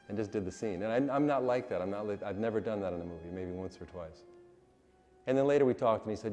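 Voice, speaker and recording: Plainspoken male actor, mellow low tone, reverberant hall sound. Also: expressive, fast talker, faint music behind. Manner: blunt storyteller with laughs. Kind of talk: anecdotal documentary interview.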